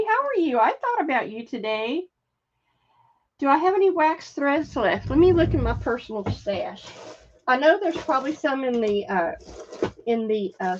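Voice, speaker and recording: Over dull lo-fi stream audio with background noise, an older woman with a voice that sits high chats casually on her live stream. She greets viewers by name and trails off as she looks for things.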